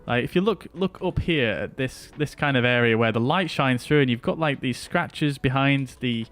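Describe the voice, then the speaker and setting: A chatty man, speaking at a middle pitch as he streams a flight simulator. He talks casually to his viewers as he flies, and faint music plays behind him. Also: moderate pace, fairly bright tone. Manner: chatty, talks to chat while flying. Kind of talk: casual live-stream commentary.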